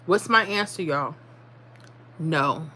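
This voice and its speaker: Speaking slowly in a low, sharp-toned voice, this livestream host addresses her viewers bluntly and motivationally over slight background noise. She keeps repeating herself and drops into dialect during the casual stream.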